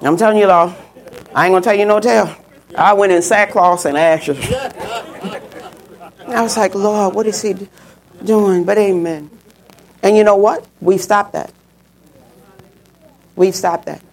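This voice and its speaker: A middle-aged woman preaching a sermon, telling a personal story and swooping up high when she quotes people. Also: unhurried, long pauses, a faint crowd.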